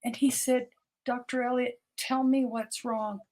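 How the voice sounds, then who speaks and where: A woman's voice: on the high side, flat delivery, unhurried, a little mellow. An older woman, a doctor, telling her personal story as a podcast guest, earnest and often repeating words as she restarts her sentences.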